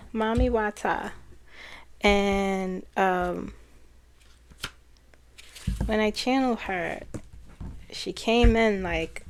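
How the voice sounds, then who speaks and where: A woman who reads cards and channels spirits, talking in a slow, hesitant way as she recounts messages. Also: medium pitch, slight background noise. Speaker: spiritual channeler and card reader. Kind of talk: casual spiritual chat.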